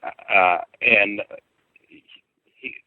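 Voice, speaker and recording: A man's voice: lowish voice, very slow, dry recording. A middle-aged man, a podcast guest, telling a personal story in a rambling, colloquial and emphatic way over a phone call. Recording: tinny dry phone line.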